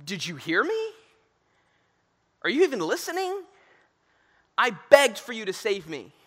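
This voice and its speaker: A man's voice: high-pitched, wildly swooping pitch, moderate pace, bright, forceful tone, slightly rough, heavily acted. A man voicing a stubborn, desperate man praying on his roof, who insists and then pleads. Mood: pleading. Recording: reverberant hall.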